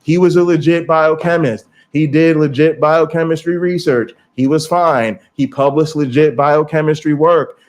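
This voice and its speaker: A man hosting a casual livestream, talking straight to viewers in an animated, profane way. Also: on the high side, normal speed, few pauses. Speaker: streamer and channel host.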